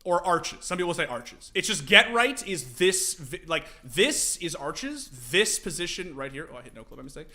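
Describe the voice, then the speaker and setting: A young man casually streaming, teaching game tactics to his chat, animated and profane. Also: on the high side, normal speed, hardly any pauses. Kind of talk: casual livestream commentary.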